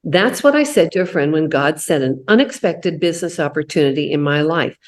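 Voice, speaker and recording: A woman's voice: low voice, lively intonation, fairly quick. A middle-aged woman hosting a women's coffee chat, telling a faith-based story in a conversational way, with many "you know"s.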